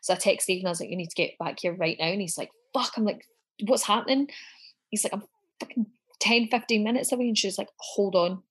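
A woman recounting a personal story with blunt, unfiltered honesty, swearing freely. She slips into the voices of the people in her story as she quotes them. Her pitch sits in the middle range for a woman. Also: fast, fairly bright tone, slightly rough. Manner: frank, sweary, acts out quoted dialogue.

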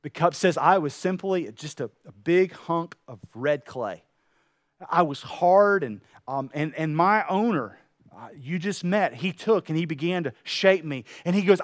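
A man preaching a sermon to a room, telling a parable with lively acted-out voices. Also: sits high, normal speed, dry recording, clean studio sound. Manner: animated storytelling, acting out voices. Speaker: pastor. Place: room with an audience.

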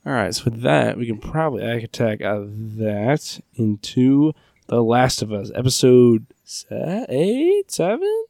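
A man co-hosting a podcast in casual chat, making dry, deadpan jokes. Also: medium pitch, unhurried, creaky, no room sound. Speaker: podcast co-host.

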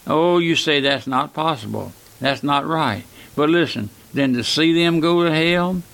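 An older male preacher delivers a radio sermon in a slow, deliberate cadence. His voice is gravelly and bright, sitting a little high for a man. He pleads and presses with question after question. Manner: fervent, pleading, rhetorical questions.

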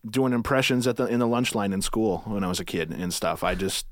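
A man's voice: on the low side, a little fast, no echo, studio quality. A man chatting casually as a podcast guest, loose and joking, laughing often and slipping into impression voices.

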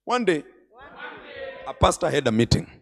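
A man preaching a sermon at a conference, retelling scripture and stories with dramatic swings from quiet to shouting. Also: a little high, sing-song, moderate pace, vocal fry. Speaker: bishop preaching. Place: large conference hall.

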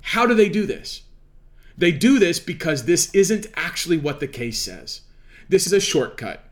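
A man lectures on law with a fairly high voice that swings up and down with lively emphasis. He talks like a preacher, driving points home and asking rhetorical questions. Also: moderate pace. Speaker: legal commentator. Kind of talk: explanatory talk on law.

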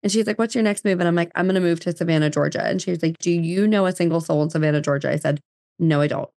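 Chatty low-voiced woman from New Jersey. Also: rapid-fire, darkish tone, no room sound, clean studio sound. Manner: chatty, many fillers and quoted dialogue. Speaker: podcast guest. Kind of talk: casual storytelling.

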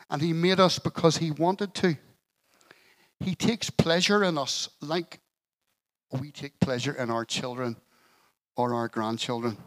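A man's voice: a little high, poor audio. Man preaching an earnest sermon. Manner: earnest storytelling with light humour. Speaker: pastor.

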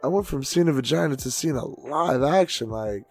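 Podcast co-host, male, gravelly and profane, hypes up his stories with acted-out voices and faint music underneath. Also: mid-range voice, lively intonation, normal speed. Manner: loud, profane, acts out voices with big swings. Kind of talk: casual podcast storytelling.

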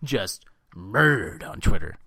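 A man's voice: fairly low pitch, very animated, slow, vocal fry, slightly rough, dry recording, clean studio sound. A man co-hosting a podcast in casual chat, swearing often and now and then mocking people in put-on voices. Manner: loud, crude, swearing, breaks into mocking voices. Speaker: podcast co-host.

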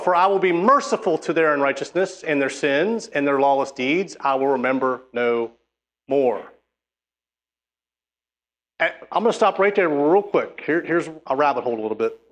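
Emphatic man preaching, slightly high voice. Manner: emphatic, exhorting, with frequent restarts. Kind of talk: sermon with scripture reading.

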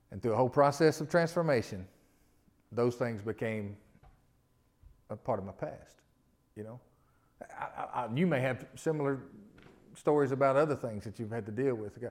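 A middle-aged man preaching a sermon, moving between loud emphatic passages and quiet personal storytelling. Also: medium pitch. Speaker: pastor.

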